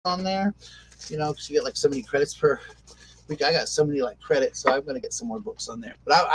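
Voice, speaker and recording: A man's voice: medium pitch, fast talker, breathy edge, low-quality recording. A man chatting casually on a home live stream, rambling and often interrupting himself.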